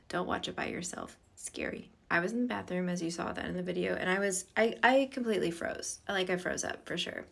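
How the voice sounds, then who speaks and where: Woman, low voice, gravelly fry, chatty storytime. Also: fairly bright tone. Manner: chatty, candid, quotes people in her own voice. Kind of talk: casual storytime to camera. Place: hotel room at night.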